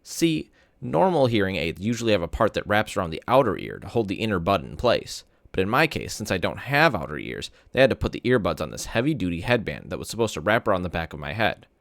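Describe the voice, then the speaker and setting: A man, a teacher, reading a novel aloud to his students in an expressive, animated storytelling way. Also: sits low, fast, gravelly, no echo, clean studio sound.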